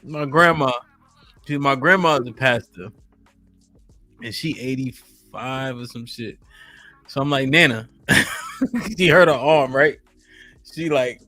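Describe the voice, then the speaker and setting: Host, man, bright tense voice, laughs a lot, soft music behind. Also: on the high side, a little slow, long pauses, dry recording. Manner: laughs a lot, swears casually, quizzes the others. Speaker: podcast host. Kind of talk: casual chat. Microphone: studio microphone.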